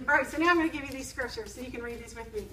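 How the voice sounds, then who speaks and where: A woman's voice: sits high, very fast, far from the mic, crowd noise. A woman preaching a sermon to a live group, emphatic, repeating key phrases and asking the audience questions. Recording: echoey room, speaker away from the mic.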